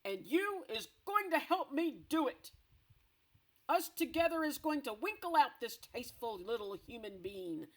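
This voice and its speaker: A woman voicing a huge, bullying male giant who booms and shouts insults in a storybook read-aloud. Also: expressive, normal speed. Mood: booming, menacing.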